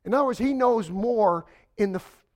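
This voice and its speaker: High-voiced preacher, hushed to emphatic. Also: male voice. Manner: swings from hushed to emphatic, slows for stress. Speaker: pastor. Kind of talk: sermon.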